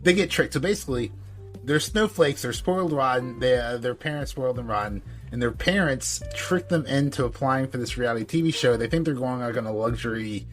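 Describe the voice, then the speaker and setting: A man's voice: mid-range voice, fairly quick, soft background music. Chatty man rambling on a podcast. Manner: rambling, animated, heavy use of "like". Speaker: podcast co-host. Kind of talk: casual chat.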